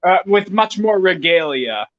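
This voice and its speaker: A man's voice: sits high, sing-song, a little slow, lo-fi sound. A man chatting casually as a podcast guest, rambling through digressions with wry asides. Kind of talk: casual chat.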